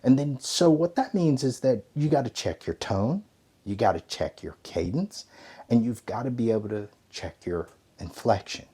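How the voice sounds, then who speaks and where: Husky man coaching with emphatic energy. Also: mid-range voice, lively intonation, normal speed. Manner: emphatic, conversational, swings from loud to hushed. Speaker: ethics and leadership coach. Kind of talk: motivational teaching talk.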